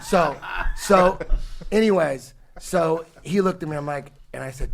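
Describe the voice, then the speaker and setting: With a higher-than-average voice, vocal fry, and a slightly slow pace, a man in his forties tells a long story as a podcast guest over faint background noise. The chat is casual, profane, and rambling, with many restarts.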